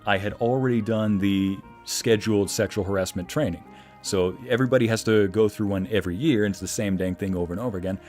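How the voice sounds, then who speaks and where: A man with a low voice tells a story casually while streaming a game. His pitch swings widely as he acts out the quoted lines. Soft background music plays under him. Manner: animated, acts out quotes in a raised voice. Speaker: streamer and narrator. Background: faint background music.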